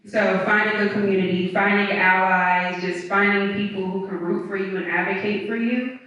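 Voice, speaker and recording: A woman's voice: medium pitch, fairly even intonation, moderate pace, fairly bright tone, distant mic, highs cut off. A woman from the American South, a footwear designer on a panel, answering students in an emphatic, unapologetic way with many fillers. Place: university hall before a live audience. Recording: echoey hall, mic from afar.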